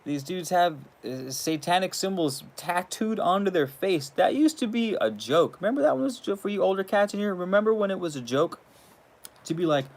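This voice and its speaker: A man's voice: high voice, expressive, brisk. A man hosting his channel in a casual, rambling monologue, swearing freely and laughing between thoughts. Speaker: channel host.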